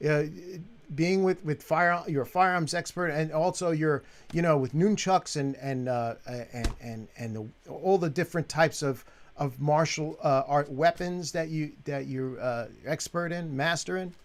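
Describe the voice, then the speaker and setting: A man hosting an interview show, asking questions haltingly with many restarts. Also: fairly high pitch. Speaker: show host. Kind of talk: interview chat.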